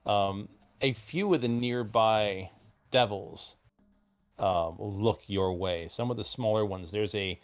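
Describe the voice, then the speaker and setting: A man serving as game master narrates a tabletop role-playing session, describing scenes haltingly and rambling with lots of fillers. His voice is fairly low.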